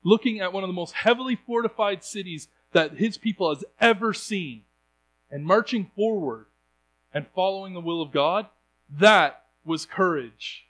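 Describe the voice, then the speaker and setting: An earnest young man delivers a sermon in a fairly high voice. He talks plainly to his listeners and often trips over his words and starts his sentences again. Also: moderate pace, a bit bright, slight background noise, poor audio. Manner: earnest, stumbling restarts. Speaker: preacher.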